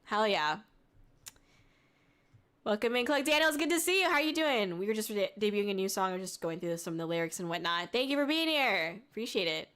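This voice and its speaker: A woman's voice: medium pitch, lively intonation, fast, hardly any pauses, a bit bright, clear, resonant tone. A woman VTuber streamer chatting casually on a livestream, reading viewer messages aloud, giggling often and swearing freely.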